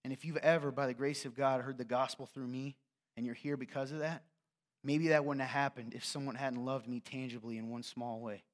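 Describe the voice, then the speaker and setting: A man's voice: mid-range voice, steady tone, fairly quick. A man preaching a sermon in a conversational, jokey way, often checking in with the congregation. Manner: conversational, jokey preaching with frequent "right?" asides. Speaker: pastor.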